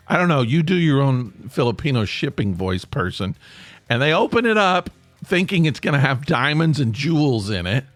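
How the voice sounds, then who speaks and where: A man in his sixties hosts a podcast, meandering through a casual monologue full of self-mocking jokes. His voice is on the low side, with no room sound.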